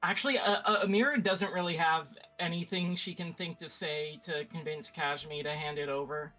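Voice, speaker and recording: A woman's voice: low voice, fairly even intonation, normal speed, pushed and bright, faint music behind, poor audio. A woman playing a tabletop game, hesitant and thinking aloud. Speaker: player.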